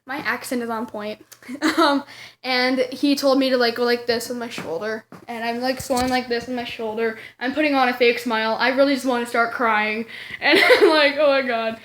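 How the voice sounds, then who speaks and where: A woman's voice: on the high side, fairly even intonation, moderate pace, a bit bright, slight background noise. A young woman telling a storytime vlog to the camera, giggling and dramatic as she tells it. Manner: giggly, dramatic, breaks into laughing. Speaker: vlogger.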